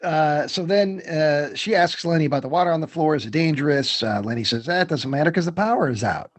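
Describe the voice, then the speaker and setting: Expressive and fairly quick, a man with a voice on the high side co-hosts a podcast, loosely recapping a movie scene by scene. His rambling is packed with fillers and swearing, recorded without room sound.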